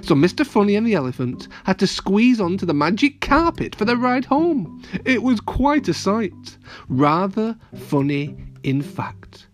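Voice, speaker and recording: With soft music behind him, a man reads a children's audio story aloud and speaks to the kids directly in an animated, playful way. His voice is high and his pace measured.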